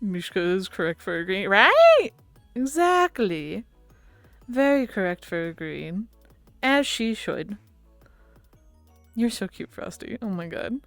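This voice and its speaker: A woman's voice: medium pitch, big pitch swings, measured pace, long pauses, no echo, faint music behind. A woman streamer chatting casually with her viewers, rambling and laughing often. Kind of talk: casual livestream chat.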